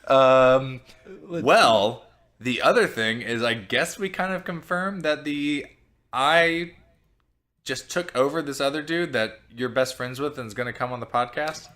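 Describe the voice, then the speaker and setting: A man's voice: medium pitch, a little slow, a bit bright. A man co-hosting a podcast, bantering loosely and jokingly with his co-host. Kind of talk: casual chat.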